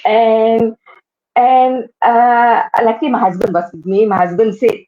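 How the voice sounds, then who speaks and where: A woman's voice: fairly high pitch, fairly even intonation, measured pace, phone-quality sound. A woman in her fifties with a Malaysian English accent, a guest telling her personal story earnestly, often repeating phrases for emphasis. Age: 50s. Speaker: guest, cancer survivor and occupational therapist. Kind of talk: personal storytelling on a live web show.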